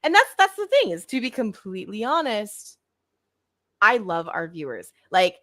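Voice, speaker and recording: A woman's voice: mid-range voice, big pitch swings, fairly bright tone, dry recording, clean studio sound. A woman from the United States co-hosting a podcast, chatting in a gushing, rambling way. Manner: gushing, rambling, quick to laugh. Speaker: podcast co-host. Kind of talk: casual chat.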